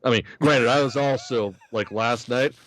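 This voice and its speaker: A man hosting a casual podcast, wry and a bit halting, sometimes repeating words. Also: medium pitch, fairly bright tone, slight background noise. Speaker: podcast host. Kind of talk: casual chat. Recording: dull lo-fi mic.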